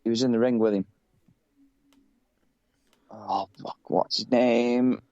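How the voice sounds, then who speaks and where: A man's voice: mid-range voice, steady tone, takes it slowly, mellow, dry recording, lo-fi sound. A British man chatting casually as a podcast co-host, rambling and swearing, often laughing. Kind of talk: casual chat.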